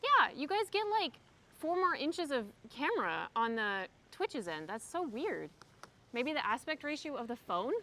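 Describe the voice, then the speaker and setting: A woman's voice: high-pitched, very animated, moderate pace, sharp tone, slight background noise. Chatty young woman streaming outdoors. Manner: chatty and rambling, reads out chat messages. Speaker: streamer doing yoga outdoors. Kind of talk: casual live-stream chat. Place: outdoor park by a pond, windy. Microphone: phone camera.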